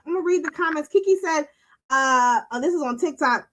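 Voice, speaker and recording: A woman's voice: sits high, brisk, fairly bright tone, low-quality recording. A woman hosting a streaming talk show, ranting bluntly with a lot of swearing and emphatic delivery. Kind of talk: casual livestream commentary.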